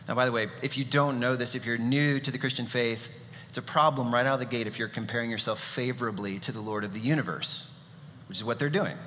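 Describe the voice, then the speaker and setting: A man's voice: medium pitch, normal speed, bright, forceful tone. A man preaching a sermon as pastor, telling stories casually with fillers and asides. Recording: long reverb of a large hall.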